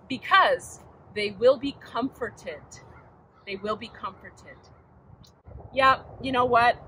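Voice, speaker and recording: An older woman with a fairly high, bright, forceful voice gives a children's message in church. She talks in a gentle, chatty way and often asks the children questions. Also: slight background noise, poor audio. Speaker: church children's time speaker.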